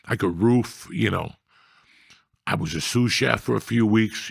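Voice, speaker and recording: Gravelly man telling stories. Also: on the low side, unhurried, no room sound, clean studio sound. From New Jersey. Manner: profane, blunt, rambling storyteller. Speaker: storyteller guest. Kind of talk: casual storytelling chat.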